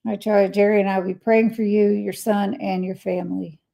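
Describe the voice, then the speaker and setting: Older woman, livestream host, reading comments aloud, chatty, gravelly fry. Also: medium pitch, level tone, fairly quick, rough recording. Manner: chatty, reads messages aloud and replies warmly.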